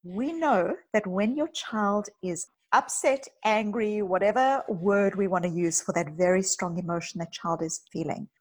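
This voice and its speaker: A woman psychologist talking on a podcast, her voice breathy and a little husky. She speaks in earnest, stacking up emphatic lists as she tells personal stories. Her pitch sits in an ordinary middle range. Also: a little slow, few pauses, a little mellow, rough recording. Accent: South African. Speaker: psychologist guest. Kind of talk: podcast conversation.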